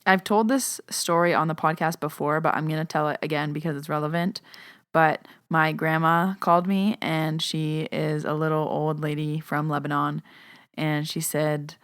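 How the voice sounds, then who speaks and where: Chatty woman, low voice, dry close sound. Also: fairly even intonation, moderate pace, fairly bright tone, clear, resonant tone, no echo. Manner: casual, chatty, uses "like" often. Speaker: podcast host and Reiki master. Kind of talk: podcast monologue answering listener questions.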